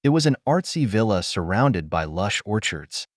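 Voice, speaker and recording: A man narrating a first-person audio story in a steady, even storytelling delivery. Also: lowish voice, moderate pace, no echo, studio quality.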